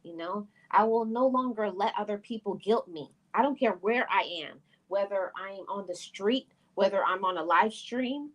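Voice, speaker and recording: A woman's voice: mid-range voice, moderate pace, hardly any pauses, poor audio. Earnest woman sharing grief advice. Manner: earnest and emphatic, repeating phrases for stress. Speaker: host of a self-help talk channel. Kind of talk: heartfelt personal talk to camera.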